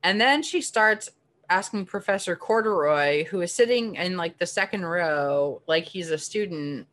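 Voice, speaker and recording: A woman's voice: lowish voice, fairly bright tone. A woman co-hosting a podcast, recapping an episode in casual chat with sarcastic asides and lots of "like.". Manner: chatty, sarcastic, frequent "like" fillers. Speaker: podcast co-host.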